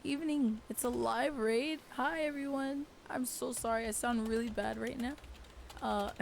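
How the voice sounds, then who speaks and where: Hoarse, gravelly woman streamer, slow-spoken. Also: a little high, fairly even intonation, slight background noise, rough recording. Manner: flustered, bubbly greetings. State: hoarse, voice failing. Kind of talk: live gaming stream chat.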